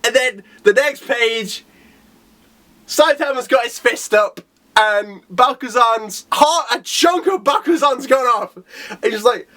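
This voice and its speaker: Excitable high-voiced man rambling. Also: slow pace. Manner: excitable, rambling, laughing often; breaks into character voices. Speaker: manga reviewer. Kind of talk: casual chapter review.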